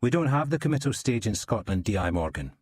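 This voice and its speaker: A man voicing a dogged, blunt detective inspector who presses with brisk questions. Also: medium pitch, sing-song, darkish tone, slightly rough, no echo, clean studio sound, voice pushed up. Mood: probing.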